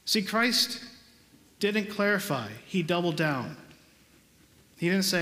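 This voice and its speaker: A man's voice: fairly high pitch, lively intonation, measured pace, a bit bright. A man preaching a homily as a priest, emphatic and conversational, asking the congregation rhetorical questions. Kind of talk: sermon. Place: large church. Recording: echoey church with long reverb.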